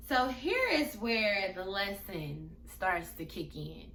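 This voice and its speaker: A woman's voice: medium pitch, lively intonation, slow pace, hardly any pauses, pushed and bright, slight background noise. Brash young woman vlogging in an echoey room. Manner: brash, emphatic and profane, talking straight to viewers. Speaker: vlogger telling a personal story. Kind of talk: casual storytime.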